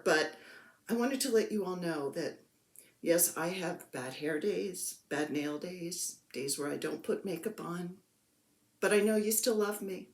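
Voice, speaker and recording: Slow-talking chatty woman in her fifties. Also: lowish voice, animated. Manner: chatty, self-mocking, playful baby talk to her cat. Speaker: craft vlogger. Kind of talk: casual chat to camera. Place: at home. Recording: echoey room.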